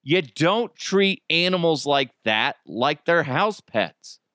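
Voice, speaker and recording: A man's voice: fairly high pitch, expressive, slow, pushed and bright, no room sound, clean studio sound. A middle-aged man hosting a casual solo podcast, ranting in an exasperated, profane way and telling stories with lots of animation. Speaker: podcast host.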